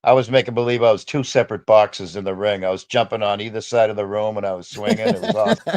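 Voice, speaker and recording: A man in his fifties chatting on a livestream, playful and teasing with animated jumps in tone. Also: fairly low pitch, fast, dry recording. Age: 50s. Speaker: regular on a livestream. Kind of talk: casual livestream chat.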